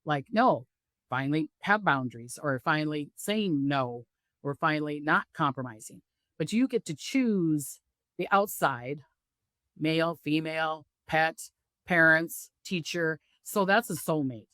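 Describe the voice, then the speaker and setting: A woman's voice: deep voice, lively intonation, unhurried, a bit bright, no room sound, clean studio sound. A middle-aged woman, a psychic, talking casually in an interview and acting out the voices of people she quotes. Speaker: psychic medium guest. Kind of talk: casual spiritual interview talk.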